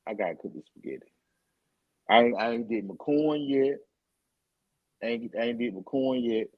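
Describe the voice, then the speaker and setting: A man co-hosting a casual chat show, expressive and talking with wide swings in pitch. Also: moderate pace, dry recording, lo-fi sound. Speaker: podcast co-host.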